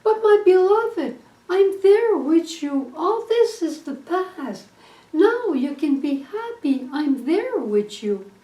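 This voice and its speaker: A woman voicing a loving husband back from the war, speaking gently and pleadingly, with a high voice in an echoey room. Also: very animated, slow pace, full character voice. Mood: tender. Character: loving husband home from war, tender man. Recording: echoey room, distant mic.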